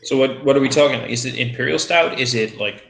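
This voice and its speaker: An easygoing man asks quick questions on a casual live stream. His voice is gravelly, and it rings in a roomy, echoey space. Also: mid-range voice, a bit bright.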